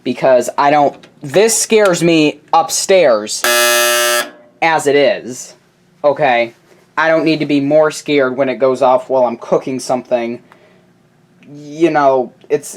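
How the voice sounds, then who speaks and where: A man chatting casually while filming at home, narrating in a rambling way with quick asides and self-corrections. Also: mid-range voice, darkish tone. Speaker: appliance video creator. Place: home laundry area. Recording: noisy home camera recording.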